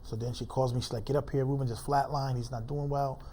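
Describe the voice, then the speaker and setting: Male interview guest, mellow low-toned voice, informal halting delivery, heavy personal story. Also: flat delivery, slight background noise. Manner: informal, halting speech with many fillers.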